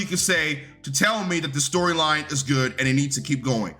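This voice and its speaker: Brash, bright-voiced male wrestling reviewer. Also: a little high, a little fast, faint music behind. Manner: blunt, profane, dismissive. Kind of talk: casual recap rant.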